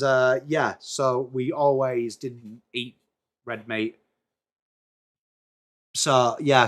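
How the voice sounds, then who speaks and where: A man's voice: mid-range voice, bright, forceful tone. A man with an English accent hosting a casual live sports watchalong stream, chatting and greeting viewers by name. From England.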